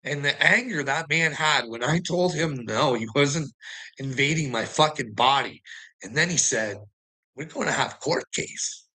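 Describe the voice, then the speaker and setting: A man's voice: medium pitch, moderate pace, bright, forceful tone, low-quality recording. A man ranting in a casual chat to a friend, agitated and heavy on profanity, laughing often between lines. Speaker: person telling his story.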